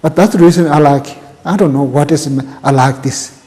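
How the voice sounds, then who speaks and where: Older Tibetan-accented man in halting English. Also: on the high side, mellow, in a large hall. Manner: halting, repeats words, plain broken English. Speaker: interviewee. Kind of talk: oral history interview.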